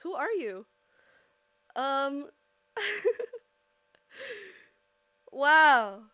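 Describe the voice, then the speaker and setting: A woman streaming live while she draws, chatting casually with her audience, giggling often and bursting into loud, excited squeals. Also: medium pitch, moderate pace, dry recording.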